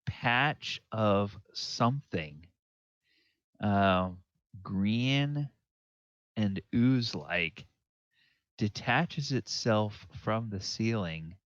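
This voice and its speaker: A low-voiced man narrates a tabletop game as dungeon master, pausing often with ums and restarting his sentences. He talks very slowly. The recording is dry and slightly muffled. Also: clean tone, dry recording. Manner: halting, full of ums and restarts. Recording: dull lo-fi dry sound.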